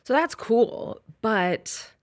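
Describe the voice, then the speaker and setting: A woman in her forties, a comedian guest chatting with wry, dry humor and quick asides. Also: a little high, animated. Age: 40s. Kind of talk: casual chat.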